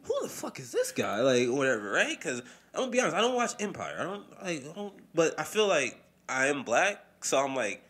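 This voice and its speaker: A man's voice: a little high, fairly quick, hardly any pauses. A man co-hosting a podcast in casual, profane chat. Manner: animated, profane, mimics voices when quoting people. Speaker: podcast co-host.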